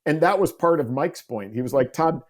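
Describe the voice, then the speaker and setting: A man in his forties, a podcast guest, telling stories in an animated way and acting out quoted dialogue. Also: a little high, fairly quick. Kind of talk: storytelling interview talk.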